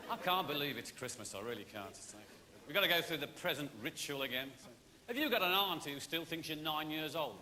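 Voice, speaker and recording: A man's voice: a little high, animated, fairly quick. A man doing stand-up comedy as the host of a theatre show, chatting wryly and conversationally to the audience. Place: large theatre stage. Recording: long theatre reverb, loud noise.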